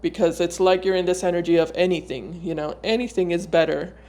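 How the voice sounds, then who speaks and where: A woman giving a casual tarot reading to her viewers. She talks in a loose, searching way, often pausing and repeating words before going on. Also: fairly low pitch, dark tone. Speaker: tarot reader.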